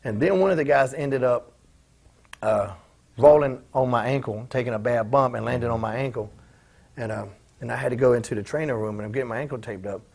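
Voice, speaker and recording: Fast-talking gravelly man swearing. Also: medium pitch, a little mellow. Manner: profane, acts out quoted voices in his stories. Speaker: former pro wrestler, interview guest. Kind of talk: casual storytelling in a shoot interview.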